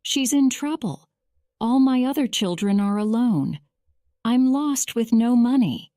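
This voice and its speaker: A woman voicing an excitable, boastful male toad in an audio storybook, pleading in a raised, louder voice. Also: measured pace, smooth, no echo, clean studio sound. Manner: pleading, self-pitying, higher and louder than the narration.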